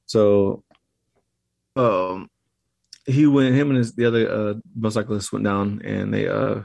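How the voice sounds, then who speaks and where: Low, gravelly man telling a story. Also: fairly even intonation, darkish tone, dry recording. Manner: halting, loose retelling of events. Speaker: podcast guest. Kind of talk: casual storytelling.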